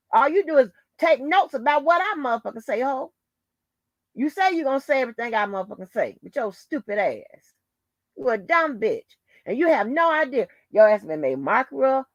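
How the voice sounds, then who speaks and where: A woman running her own channel rants to the camera in a heated, profanity-laden outburst full of insults and taunts. Her voice is high-pitched, and the audio is dull with no echo.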